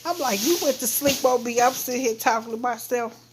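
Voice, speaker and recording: A woman's voice: fairly high pitch, a little fast, noisy background. Blunt, scolding woman streamer. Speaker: livestream host. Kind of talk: casual venting chat to viewers.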